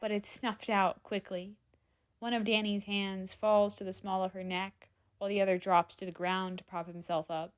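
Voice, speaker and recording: A woman reading fan fiction aloud in dramatic story narration, expressive and sometimes dropping to a hushed whisper. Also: medium pitch, moderate pace. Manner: expressive, drops to hushed whispers in tense moments. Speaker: fanfiction reader.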